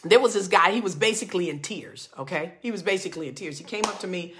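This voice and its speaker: A woman's voice: fast, slight background noise. A woman in her forties, a marriage coach, giving a fervent, emphatic preaching talk. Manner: fervent and emphatic, swinging from loud reading to low earnest talk.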